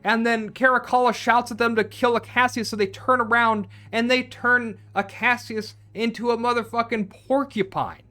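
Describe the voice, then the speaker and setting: A man's voice: very high-pitched, steady tone, normal speed, hardly any pauses, bright, forceful tone, faint music behind. A man recapping a film plot in a casual, profane rant, full of restarts and tangents. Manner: rambling, profane, with many restarts. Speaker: film reviewer.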